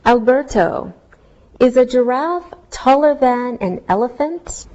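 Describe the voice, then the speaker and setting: A woman teaching a scripted English lesson, speaking slowly and carefully so learners can follow each word. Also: high-pitched, animated, warm tone, muffled recording. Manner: slow, clearly spelled-out teaching delivery.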